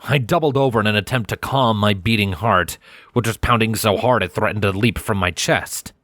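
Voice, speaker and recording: Guy reading a fanfic audiobook, lowish voice, dry close mic. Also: a bit bright, dry recording. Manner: measured, storytelling. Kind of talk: first-person audiobook narration.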